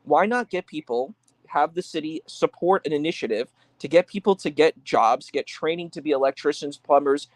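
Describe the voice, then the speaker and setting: A man with a slightly raised pitch talks earnestly through his position, laying out his points at length. The sound is dry and close. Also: animated, moderate pace, no room sound. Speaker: guest. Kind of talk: casual debate chat.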